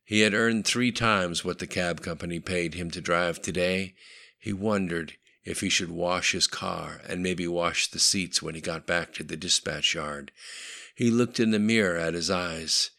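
Man reading an audiobook, really deep voice, kinda bright and punchy, steady. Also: unhurried, creaky. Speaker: narrator. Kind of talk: audiobook narration.

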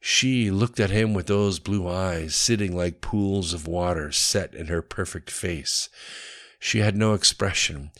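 Deep-voiced man narrating an audiobook. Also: a little slow, fairly bright tone.

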